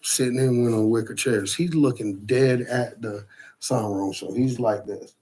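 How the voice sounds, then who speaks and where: A man casually telling a profane, animated story about a frightening night. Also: medium pitch, normal speed, slightly rough.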